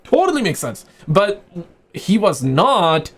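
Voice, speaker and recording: A man's voice: high voice, slow pace. A man doing reaction commentary on games news, ranting and mocking in heavy slang, saying "bro" over and over. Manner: animated, slangy, says "bro" constantly; mocking, exasperated rants. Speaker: gaming commentator.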